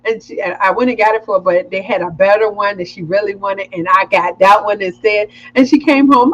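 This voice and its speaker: A woman in her forties co-hosting a casual livestream chat, telling family stories with animated flair. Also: mid-range voice, brisk, few pauses, dull audio. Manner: animated storytelling, acts out her kids' voices. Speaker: co-host of a couples show. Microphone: webcam livestream.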